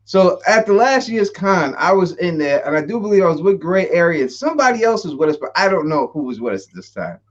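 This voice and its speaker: A man hosting a casual livestream, an animated storyteller who laughs often and repeats himself. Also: sits high, brisk, few pauses. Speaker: host. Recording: dull lo-fi stream audio.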